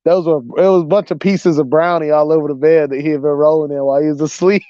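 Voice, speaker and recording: A man's voice: on the high side, fast talker, hardly any pauses, no echo, dull audio. Young guy on a livestream telling stories, keeps saying bro, dry close sound. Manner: animated, says "bro" a lot, laughs while telling. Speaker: livestream host. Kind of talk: casual storytelling chat.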